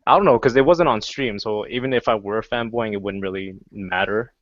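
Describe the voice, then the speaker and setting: A man's voice: fairly low pitch, fairly quick, no room sound. A man co-hosting a live stream and wearing headphones, teasing the others with sarcastic remarks. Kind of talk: casual stream chat. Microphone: headphones on a voice call. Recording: dull lo-fi voice call audio.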